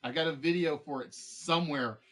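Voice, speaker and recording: Male stream host, casual rambling chat, slightly higher pitch. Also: a little fast, a bit bright. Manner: rambling, many fillers and restarts. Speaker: game show streamer host.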